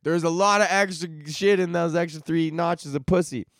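A man's voice: a little high, fairly even intonation, moderate pace, fairly bright tone, no echo, clean studio sound. Profane young man ranting on a podcast. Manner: crude, laughs at his own jokes, stoner slang. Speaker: comedy podcast host. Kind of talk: profane rambling comedic monologue.

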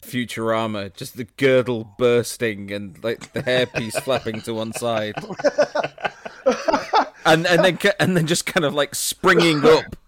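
A man's voice: mid-range voice, a little slow, dry recording. A man hosting a podcast in a casual interview chat, joking and laughing easily. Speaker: podcast host.

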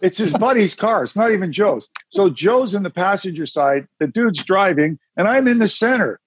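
Speaking with a high, slightly rough voice, lively intonation, and moderate pace, this interview guest spins casual, meandering stories and imitates the people he quotes. He's a musician who used to be a radio announcer, and the recording is dry and muffled.

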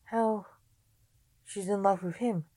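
Storybook highwayman, blunt and wary, read by a woman; slow, dark-toned delivery. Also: steady tone. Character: blunt male highwayman, gruff and suspicious.

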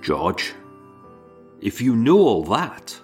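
A man putting on a rough attempt at a Scottish accent, impersonating a famous actor with slow, dramatic delivery. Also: mid-range voice, sing-song, darkish tone, soft background music, heavily acted. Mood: menacing.

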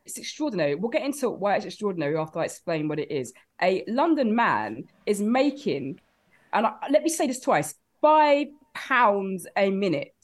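A woman guest on a comedy podcast, ranting in an animated comic style. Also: mid-range voice, brisk.

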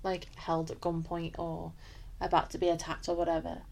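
A young woman co-hosts a true-crime podcast and talks casually with a flat, level delivery. She drops in "innit" and "like" as she goes. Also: on the low side, moderate pace, vocal fry. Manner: flat-toned, conversational, uses "innit" and "like". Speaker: podcast co-host.

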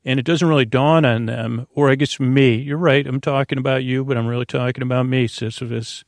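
Gravelly man rambling with filler words. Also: mid-range voice, fairly even intonation, brisk, no echo, studio quality. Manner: meandering, full of filler words and restarts; silly, speaking to an imaginary listener. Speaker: podcast host. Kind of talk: rambling bedtime podcast monologue.

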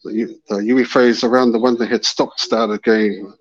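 A man's voice: fairly low pitch, fairly even intonation, normal speed, few pauses, breathy edge. A man calling in and telling a story, animatedly acting out the voices in it. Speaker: caller. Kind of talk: casual storytelling. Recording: dull lo-fi call-in audio.

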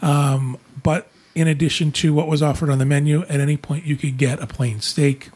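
Man, podcast host, husky voice, friendly, relaxed chat. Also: fairly high pitch, normal speed. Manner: relaxed, friendly, wraps up the show. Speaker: podcast host, travel agent.

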